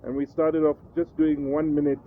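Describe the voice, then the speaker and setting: Animated Kenyan man telling stories. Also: fairly high pitch, moderate pace. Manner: animated storyteller who acts out voices. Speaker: guest, radio personality. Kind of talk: casual storytelling interview. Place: hotel. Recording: tinny phone-like sound, faint noise.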